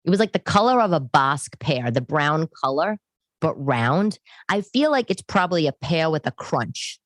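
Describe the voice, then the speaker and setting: A woman's voice: low-pitched, big pitch swings, moderate pace, no room sound. A woman in her forties with a New York accent, a comedian hosting a podcast from her living room, rambling on in a chatty monologue full of asides.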